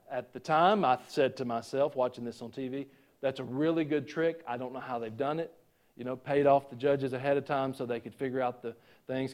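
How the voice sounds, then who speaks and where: A man's voice: mid-range voice, darkish tone. A male pastor preaching a conversational sermon, asking the congregation questions and adding joking asides.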